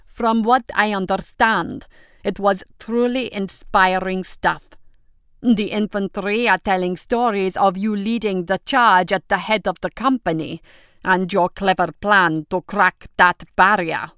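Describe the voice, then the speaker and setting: Lady reading as a loud pompous old army colonel, booming and gushing, slow and heavy. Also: no echo, studio quality. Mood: effusive. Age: older. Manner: booming, effusive, flattering.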